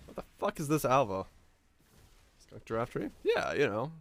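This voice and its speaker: A man's voice: mid-range voice, big pitch swings, moderate pace, vocal fry, long pauses. A young man from Finland, a game streamer, chatting casually with his viewers; he talks in a laid-back way, swears a lot and laughs easily. His is not English. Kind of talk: casual chat with viewers while gaming.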